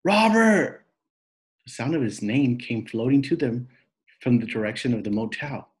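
A man reading a novel aloud in slow, steady narration. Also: mid-range voice, rough recording. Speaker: reader.

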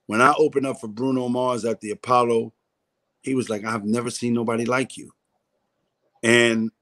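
A man's voice: medium pitch, a bit bright. A man, a comedian guest in a casual interview, telling a story candidly, swearing freely and acting out the voices he quotes.

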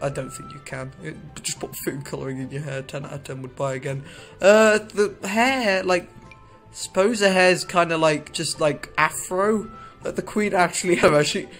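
A man talks through a video game in a loose, rambling way, cracking jokes and breaking off his own sentences. His voice sits a little high for a man, with faint music in the background. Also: fairly bright tone. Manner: rambling, jokey, self-interrupting. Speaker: gaming video creator. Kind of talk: casual gameplay commentary.

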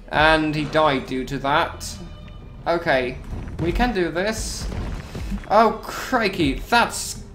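Excitable man commentating gameplay over music. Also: on the high side. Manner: excitable, talks to himself, repeats phrases, sudden yelps.

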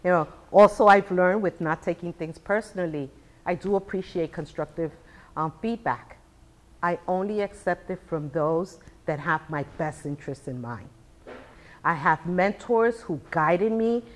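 An older woman in her sixties speaks to a live audience of entrepreneurs with a slightly low voice. She talks in an animated way, throwing out rhetorical questions and playing out quoted remarks from other people. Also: unhurried. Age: 60s. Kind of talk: live business talk.

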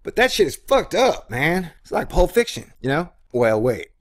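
A man's voice: fairly high pitch, sing-song, normal speed, dry recording. A man riffing jokingly as co-host of a casual talk recording made in an apartment, swearing and wandering off topic. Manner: jokey, swearing, tangential. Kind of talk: rambling comedic commentary.

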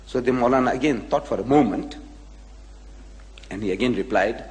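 A male lecturer tells a story and throws himself into every quote. His voice sits fairly high for a man, and the recording carries the long echo of a lecture hall. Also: sing-song, brisk. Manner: dramatic, acts out the quotes.

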